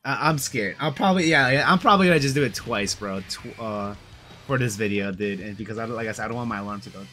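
A man's voice: mid-range voice, fast talker, sharp tone, a little hiss or hum. A young man giving casual, slangy commentary on a mobile game, frustrated and peppering his talk with bro and dude.

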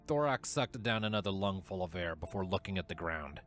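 A man narrating a fan-written story aloud, reading with steady, expressive storytelling. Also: sits low, fairly quick. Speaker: fanfiction reader. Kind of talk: audiobook-style story narration. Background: faint music.

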